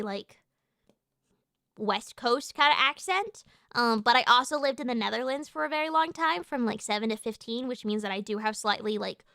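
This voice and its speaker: A young woman streaming, chatting casually and excitedly, with sudden shouted outbursts. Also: a little high, creaky, smooth, dry recording, clean studio sound. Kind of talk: casual live-stream chat.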